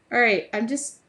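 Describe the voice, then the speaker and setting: A woman's voice: on the high side, bright, forceful tone. An American woman from the Midwest, hosting a casual live stream while she paints, chatting with viewers, laughing often and breaking into bits of song. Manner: chatty, laughs often, sings snatches of songs; reads viewer comments aloud.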